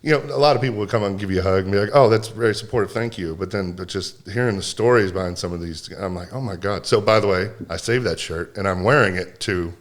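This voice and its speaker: A low-voiced man telling heartfelt stories on a casual podcast, full of fillers and restarts. His voice catches as he gets emotional. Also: quick pace, hardly any pauses. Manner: rambling with many restarts and fillers. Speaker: podcast co-host. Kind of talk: casual chat.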